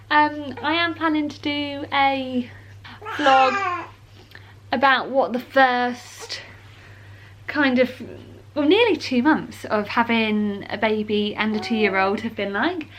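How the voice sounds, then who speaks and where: A British woman talks through a personal story to camera in a relaxed, rambling vlog style, full of ums and likes. Her voice sits somewhat high, and she sounds heartfelt and a little teary. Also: takes it slowly, a little hiss or hum. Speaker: mother vlogger telling her birth story. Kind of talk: casual chatty vlog.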